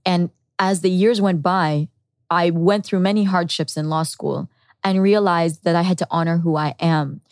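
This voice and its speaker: A woman's voice: on the low side, fairly even intonation, normal speed, darkish tone, dry recording, studio quality. Earnest woman telling her life story. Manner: earnest and reflective, with quoted inner thoughts. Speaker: podcast guest. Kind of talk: candid personal storytelling.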